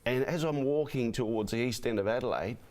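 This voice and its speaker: Give me a hoarse man, a race caller telling chatty stories as a guest. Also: mid-range voice, brisk. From Australia. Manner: chatty, animated anecdotes with repeated "you know what I mean". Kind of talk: interview guest storytelling.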